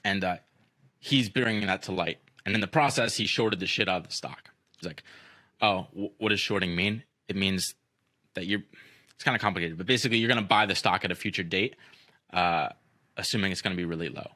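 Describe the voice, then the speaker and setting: Young man, deep voice, forceful, casual chat, swears a lot, many fillers. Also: fast, dry recording, clean studio sound. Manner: profane, rambling with many fillers. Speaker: podcast host.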